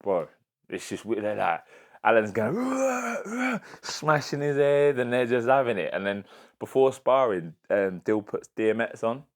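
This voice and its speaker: A man's voice: lowish voice, moderate pace. A young man, a professional boxer chatting casually as a podcast guest, rambling, slangy and swearing freely. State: emotional, near tears. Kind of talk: casual chat.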